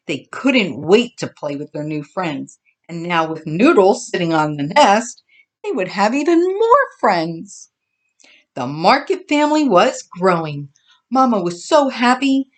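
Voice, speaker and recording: A woman reading a children's farm story aloud, expressive and gentle. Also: medium pitch. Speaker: storybook reader.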